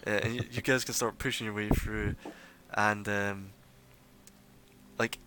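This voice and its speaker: Man, game master, narrating tabletop scene, filler-heavy, lowish pitch, bright edge, faint noise. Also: flat delivery, unhurried. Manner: rambling with many fillers.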